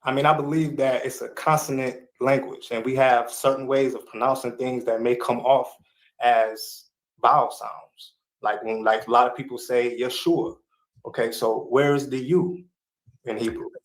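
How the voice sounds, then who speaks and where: A man's voice: medium pitch, steady tone, normal speed, low-quality recording. A man speaking as a guest on a video call, informal and casual, pushing back with questions. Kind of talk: casual debate on a stream call.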